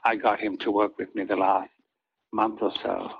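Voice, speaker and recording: An older man, an actor guest in an interview, telling reflective stories in an earnest, halting way with many restarts. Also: fairly low pitch, level tone, slightly rough. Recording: dull lo-fi audio.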